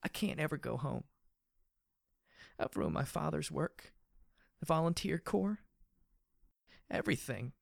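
A man voicing a fragile, tearful young female pegasus pony in an audiobook, soft and weepy. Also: medium pitch, lively intonation, moderate pace, gravelly, no room sound, studio quality, pitched above the performer's own voice. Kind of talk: audiobook character voice.

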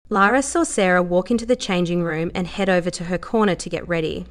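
A woman narrating a story in an even storytelling manner. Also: lowish voice, fast talker, hardly any pauses. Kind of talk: audiobook narration.

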